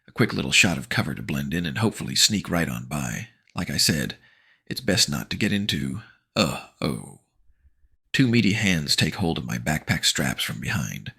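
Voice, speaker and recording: Deep gravelly male audiobook narrator. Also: bright, forceful tone. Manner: wry, joking. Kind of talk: horror-comedy audiobook narration.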